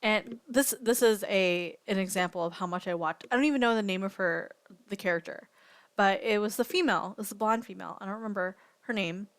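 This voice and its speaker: A woman streamer tells a meandering story in casual chat, stopping and restarting with plenty of fillers. Her voice sits at a middling pitch and sounds close and dry. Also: fairly quick, no room sound.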